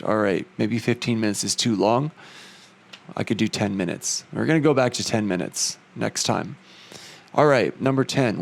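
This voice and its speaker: A man's voice: on the low side, gravelly. A man doing a casual, rambling comedy monologue, reading jokes aloud and riffing on them with plenty of fillers and a slight put-on southern drawl. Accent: slight put-on southern American drawl. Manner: rambling, self-deprecating joke reading with fillers.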